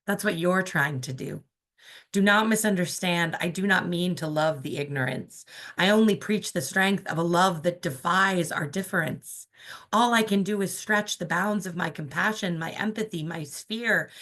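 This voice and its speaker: A young woman with a Canadian accent performing her own spoken word poems, slow and measured, with casual asides between pieces. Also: fairly low pitch, fairly bright tone. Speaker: poet. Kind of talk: spoken word poetry reading.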